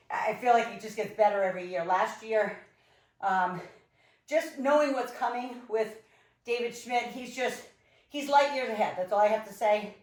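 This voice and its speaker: A woman leading a home workout, coaching and counting down reps in an energetic, encouraging way while out of breath. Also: mid-range voice. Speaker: fitness instructor. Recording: echoey room, mic far off.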